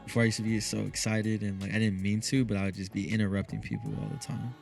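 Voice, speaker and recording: A man with a smooth radio voice, talking calmly and unhurriedly as a guest in a relaxed interview. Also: lowish voice, soft background music. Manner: calm, unhurried, drops lots of "you know what I mean".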